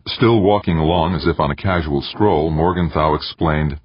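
A man reads a novel in a steady, measured way. His voice is extremely deep and husky. The recording is dry and sounds a little dull and lo-fi. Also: no echo. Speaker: audiobook narrator. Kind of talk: scripted narration.

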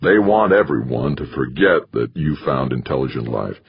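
A grave, earnest middle-aged university president who is also a bishop, voiced by a man in a storybook reading. He speaks slowly and consolingly in a very deep, gravelly, husky voice. The recording is muffled and lo-fi. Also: expressive, exaggerated voice. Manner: solemn, measured and consoling.

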